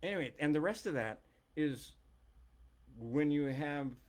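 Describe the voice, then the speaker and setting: A man's voice: a little high, expressive, a little slow. A middle-aged man and longtime teacher giving a blunt, emphatic, profane ranting monologue.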